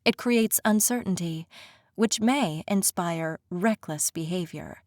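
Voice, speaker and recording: A woman voicing a composed, formal fae queen in an audiobook, speaking in a measured, courtly manner. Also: fairly low pitch, a little mellow, no echo, studio quality. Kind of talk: audiobook character voice.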